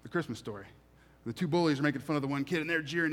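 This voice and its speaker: A man's voice: fairly high pitch, racing, a bit bright. A man preaching a sermon, reading scripture aloud and then explaining it in a conversational way with emphatic repetition. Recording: reverberant hall.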